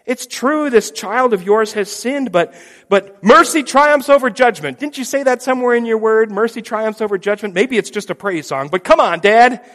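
A man's voice: high voice, normal speed, fairly bright tone, pitched above the performer's own voice. A man acting out Jesus pleading emotionally with his father in a sermon. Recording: long hall reverb.

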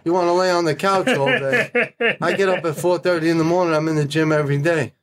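A middle-aged man, a podcast guest, telling stories in a blunt, profane, animated way. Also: fairly high pitch, quick pace. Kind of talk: casual storytelling.

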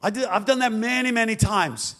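A male pastor preaching a dramatic storytelling sermon that swings up to shouting. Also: high voice, brisk.

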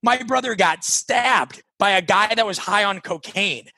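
Guy from nebraska, coaching author, punchy bright voice, dry close mic, acts out the dialogue in his stories. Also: high-pitched, a little slow, gravelly, no room sound, low-quality recording. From Nebraska, USA. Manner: energetic, emphatic, acts out quoted dialogue. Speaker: coaching author and podcast guest. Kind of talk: conversational interview storytelling.

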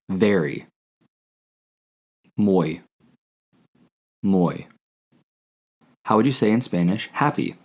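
Male language teacher with a low voice, reads a scripted lesson, repeats each word slowly. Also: a little mellow. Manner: slow, clear repetition of words. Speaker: Spanish teacher.

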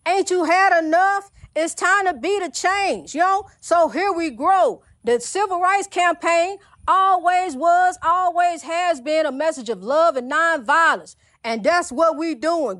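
A woman's voice: sits high, fairly bright tone, no echo. A woman minister preaching with fervent, repetitive calls, often calling the listener "honey". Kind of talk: preaching monologue.

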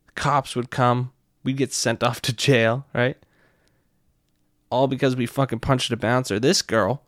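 A young man telling a night-out story in a profane, excitable way, constantly checking in with his listener. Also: mid-range voice, no echo, studio quality. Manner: profane, excitable, keeps asking "right?". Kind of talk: casual anecdote.

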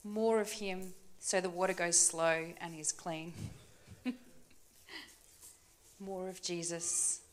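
A woman preaching a sermon in a church, talking conversationally with tag questions and dropping to soft, hushed asides. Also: on the low side, steady tone, slow pace, long pauses. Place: church stage.

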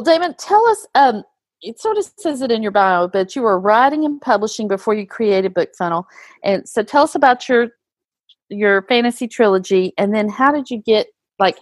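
A woman's voice: medium pitch, expressive, moderate pace, no room sound. A woman co-hosting a casual interview show who agrees often and keeps things moving. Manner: agreeable, many affirming murmurs. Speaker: podcast co-host.

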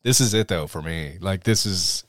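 A man's voice: deep voice, normal speed, fairly bright tone, no room sound. Enthusiastic man on a podcast, dry mic. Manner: enthusiastic, rambling with restarts. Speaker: podcast co-host. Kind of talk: casual chat.

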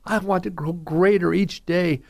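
A man's voice: sits high, fairly even intonation, measured pace, creaky. A man who is a pastor, preaching an earnest radio sermon and speaking straight to listeners as folks.

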